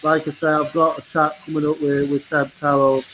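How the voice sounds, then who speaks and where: A man on a video call speaks as a guest in a slightly higher voice, friendly and thankful. The audio is muffled, with a faint hiss underneath. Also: flat delivery, brisk, a bit bright. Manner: friendly, thankful, plugging his channel. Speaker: guest YouTuber. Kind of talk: casual chat.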